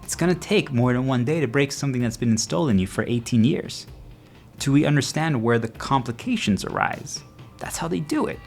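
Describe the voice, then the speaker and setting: A man's voice: fairly quick, faint music behind. A man giving a motivational talk to his viewers, earnest, often asking if they follow, and jumping into quoted voices. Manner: earnest, repeatedly checking the audience follows; acts out quoted voices with sudden pitch jumps. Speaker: motivational speaker.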